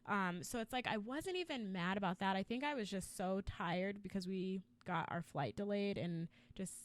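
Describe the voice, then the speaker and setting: A woman's voice: medium pitch, moderate pace. A woman co-hosting a podcast, telling a story in casual chat with lots of filler words. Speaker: podcast co-host.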